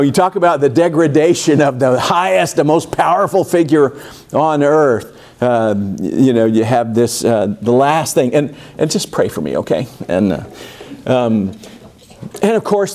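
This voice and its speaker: A man's voice: medium pitch, animated, unhurried, darkish tone. Rambling man teaching a Bible study. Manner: digressive, many fillers and asides, rises for emphasis when reading. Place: church.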